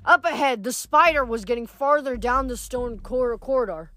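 A woman reading a novel aloud at a steady pace, with small slips and restarts. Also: a little high, moderate pace, hardly any pauses, no echo, faint music behind. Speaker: audiobook reader.

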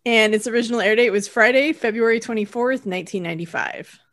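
A woman's voice: fairly high pitch, fast talker, a bit bright. Woman co-hosting a podcast. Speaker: podcast co-host. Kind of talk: casual podcast chat.

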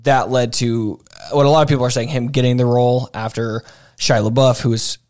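A man's voice: mid-range voice, fairly even intonation, brisk, a little mellow, smooth. Male podcast co-host, casual chat, rambling, lots of fillers and restarts.

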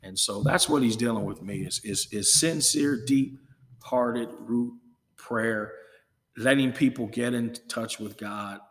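A man's voice: medium pitch, takes it slowly, a bit bright. A middle-aged man, a pastor talking as a podcast guest in an earnest, emphatic way that drifts into preaching, often repeating words as he goes. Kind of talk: casual chat drifting into preaching. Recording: long reverb room.

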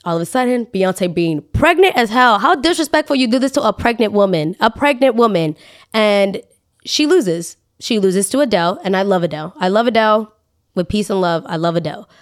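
A woman's voice: mid-range voice, lively intonation, fairly quick. A woman hosting a podcast, ranting in a casual, dramatic way with exaggerated asides. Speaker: podcast host. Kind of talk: casual opinion monologue.

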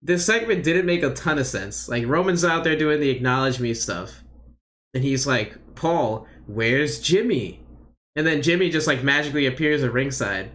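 A man's voice: mid-range voice, a bit bright. A young man co-hosting a casual wrestling chat, recapping in a loose, rambling way full of "like" and "I don't know.". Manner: rambling, unsure, filler-heavy recapping. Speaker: podcast co-host.

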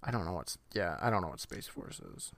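A man in his thirties co-hosting a casual podcast, recapping an episode in a relaxed storytelling way. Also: deep voice, a little fast, no echo. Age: 30s. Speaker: podcast co-host.

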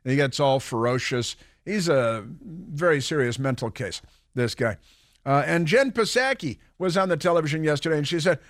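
A man's voice: mid-range voice, animated, moderate pace, no echo, studio quality. A man hosting a political talk radio show, rambling and sarcastic, with mocking asides.

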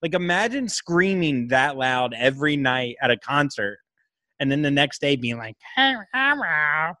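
A man's voice: mid-range voice, normal speed, bright, forceful tone, dry recording, clean studio sound. A man hosting a podcast in casual chat, joking crudely and slipping into silly mock voices. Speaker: podcast host. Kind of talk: casual chat over a video call. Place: remote location on weak Wi-Fi.

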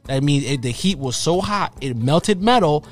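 In his thirties, this podcast co-host tells a story in a casual, animated style, acting out what people said. His pitch is fairly high and his speed is normal.

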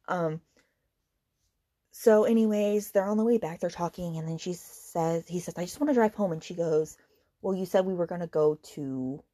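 A woman's voice: fairly low pitch, dark tone. A woman hosting a book podcast, retelling a plot in a heated, exasperated casual rant, with swearing and lots of "like" and "okay". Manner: many fillers like "like" and "okay".

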